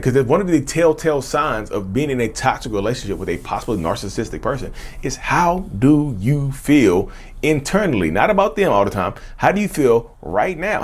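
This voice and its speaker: Man talking straight to his viewers. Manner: talks straight to viewers, repeats questions, says "y'all"; lively pitch swings, slows right down on questions. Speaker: mental health channel host. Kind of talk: direct-to-camera talk.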